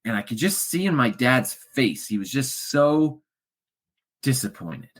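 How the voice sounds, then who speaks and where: A middle-aged man speaking as a podcast guest, telling his own story with raw feeling. His voice sits at an ordinary pitch, sinking low and soft at times and rising into loud bursts at others. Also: sing-song, measured pace. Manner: emotional, swings from low murmurs to loud shouts. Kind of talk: candid storytelling interview.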